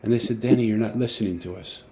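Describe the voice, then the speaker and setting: A man, an author, telling a personal story in a lively way and acting out the dialogue, over a video call. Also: on the low side, quick pace, husky. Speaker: author guest. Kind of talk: storytelling talk.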